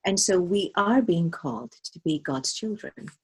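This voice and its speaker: A woman speaking as a spiritual guest in a conversational interview, earnest and animated. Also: fairly low pitch, unhurried, husky, low-quality recording.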